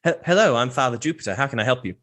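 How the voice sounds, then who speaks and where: A man's voice: medium pitch, animated, very fast, a bit bright. A man voicing a worried, polite male temple priest in a tabletop game, speaking in a fussy, helpful way. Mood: concerned.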